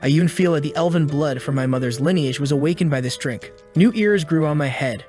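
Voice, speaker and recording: A man's voice: on the high side, brisk, a little mellow, soft background music, lightly acted. A man voicing an anxious, earnest young female mage in a recap story, in a fairly plain voice. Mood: amazed.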